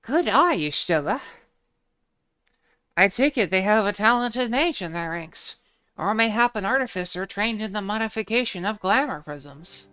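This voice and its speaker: A woman's voice: medium pitch, lively intonation, normal speed, bright, forceful tone, clear, resonant tone, dry recording, pitched above the performer's own voice. A woman voicing a prim, formal young male scholar with a precise, slightly pompous delivery.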